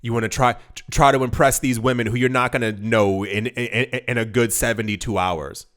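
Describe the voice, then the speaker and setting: A man of medium pitch hosts a casual video and talks straight to the viewer. He is emphatic and repeats words, stumbling and restarting as he pushes his point. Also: fairly even intonation, moderate pace, a bit bright. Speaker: crypto video host. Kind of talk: casual direct-to-camera commentary.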